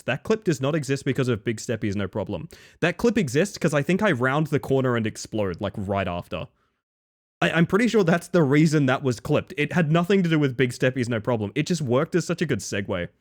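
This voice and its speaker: A young man chatting casually with his viewers on a livestream, animated and profane. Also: medium pitch, a little fast. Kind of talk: casual stream chat.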